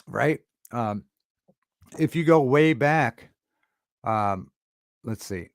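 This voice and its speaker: A man hosting a casual livestream talk show, chatting with viewers in a halting, rambling way with many fillers and restarts. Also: medium pitch, expressive, no echo, studio quality. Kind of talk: casual livestream chat reading viewer comments. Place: home studio.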